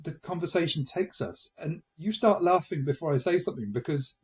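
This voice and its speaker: A man's voice: a little high, a little fast. A man in his forties co-hosting a casual comedy podcast, telling self-mocking stories and often laughing at them. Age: 40s. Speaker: podcast co-host.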